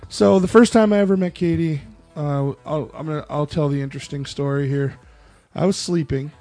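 A man's voice: a little high, brisk, darkish tone, soft background music. A man hosting a podcast, chatting casually and teasing his guest, joking and swearing freely. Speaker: podcast host. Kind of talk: casual profane banter.

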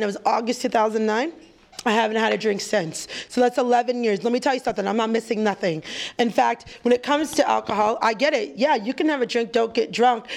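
Woman pastor, thirties, chatty storyteller; gravelly edge, pitched a bit high. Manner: lively storyteller, acts out quoted voices, laughs often. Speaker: church staff pastor. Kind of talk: casual chat, testimony.

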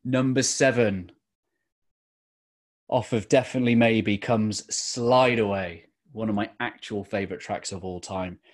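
A middle-aged man giving an earnest motivational talk as a podcast host, slowing down to stress key phrases. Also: fairly low pitch, fairly even intonation.

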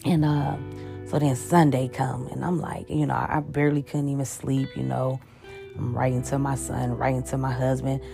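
A woman hosting a podcast, talking haltingly and with heavy emotion, repeating words and using many fillers, in a personal confessional monologue. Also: extremely low pitch, flat delivery, vocal fry. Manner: heavy-hearted, openly emotional. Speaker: podcast host. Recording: music playing underneath.

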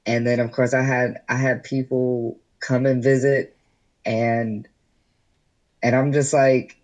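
In a rough recording, a podcast guest candidly tells a personal story during casual interview talk, filling it with "like." His medium-pitched voice is a little mellow, his delivery flat and slow.

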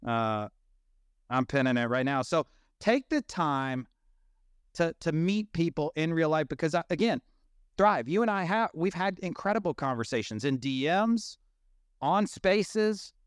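A man's voice: fairly high pitch, lively intonation, measured pace, clean tone, no echo, clean studio sound. A man in his thirties hosting a casual audio chat, telling stories animatedly and swearing freely. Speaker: host.

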